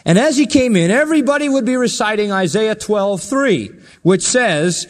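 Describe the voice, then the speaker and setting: A man preaching a sermon, telling the story with emphasis and swinging between loud and soft passages. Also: high-pitched, lively intonation, moderate pace. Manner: storytelling, emphatic, rises and drops in volume. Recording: long reverb of a large hall.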